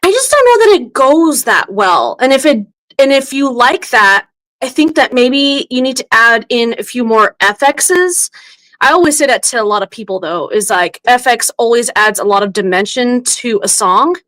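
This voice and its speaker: A woman's voice: a little high, lively intonation, moderate pace, fairly bright tone, low-quality recording. A woman reviewing a song on a livestream, hesitant and searching for her words as she gives feedback. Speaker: guest reviewer. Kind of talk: casual spoken feedback.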